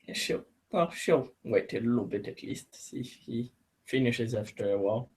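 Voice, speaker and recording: A man playing a tabletop role-playing game. He talks casually at a middle pitch and hesitates with many fillers. He describes his character's actions. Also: moderate pace, a little mellow. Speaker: player.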